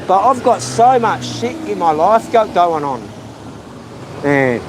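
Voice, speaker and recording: A man's voice: high-pitched, big pitch swings, slow pace. An emotional young Australian man ranting heatedly on a live stream from outdoors, repeating himself as he vents. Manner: agitated, heated, repetitive ranting. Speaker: vlogger. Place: outdoors on a street. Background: faint traffic.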